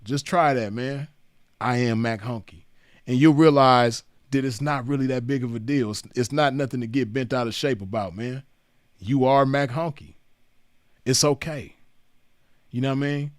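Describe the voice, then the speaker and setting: A man's voice: medium pitch, normal speed, no echo, studio quality. A man in a casual monologue to the camera, mocking someone in laid-back, profane street slang, filling his talk with "man" and "you know what I mean". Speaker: commentator.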